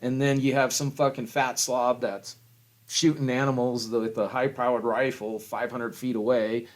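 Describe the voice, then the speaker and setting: A middle-aged man in a rambling, heavily profane rant to camera, with loud swings and frequent chuckles. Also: medium pitch, level tone, normal speed. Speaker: vlogger.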